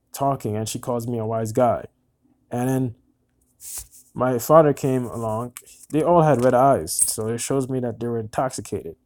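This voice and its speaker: Halting young man recounting events. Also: medium pitch, a little mellow. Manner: halting, repeats words, earnest. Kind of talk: personal monologue recounting events.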